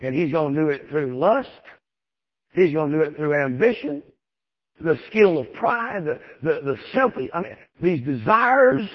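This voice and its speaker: A man preaches a folksy, emphatic sermon, driving his points home by repeating them, in a voice pitched high for a man. He speaks a little slowly, with big swings in pitch. The recording sounds dull and dry, with little room sound and no echo.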